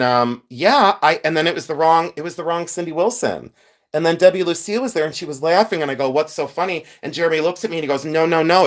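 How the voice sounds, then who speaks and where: A man hosting a casual livestream, chatting with viewers, greeting them by name and laughing often as he talks. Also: on the high side. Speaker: livestream host sorting jewelry.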